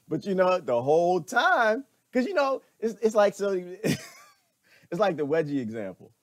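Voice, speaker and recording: A middle-aged man giving a preachy, animated monologue as a vlogger, laughing often and repeating himself. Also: high voice, takes it slowly, pauses often, no room sound, clean studio sound. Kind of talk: ranting commentary monologue.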